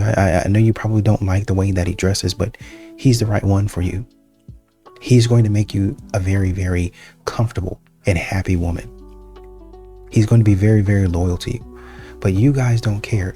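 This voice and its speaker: A man with a low, dark, mellow voice delivers blunt commentary on clips he reacts to. He lectures and repeats himself to press his point. Faint music plays underneath.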